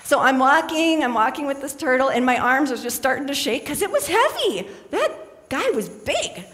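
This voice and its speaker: A woman's voice: high-pitched, a little fast, slight background noise. Chatty woman speaking in a hall. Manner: chatty and storytelling, animated. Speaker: spiritual speaker. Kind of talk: talk to a live audience.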